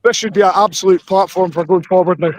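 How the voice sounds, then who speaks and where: Hoarse male fan, high voice, excitable live report. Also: dry recording, rough recording. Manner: excitable, rushing with repeated restarts.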